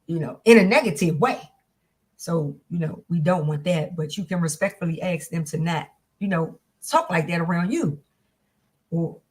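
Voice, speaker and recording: A woman teaching a class on domestic violence, speaking in an earnest, repetitive, conversational way with many fillers. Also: fairly low pitch.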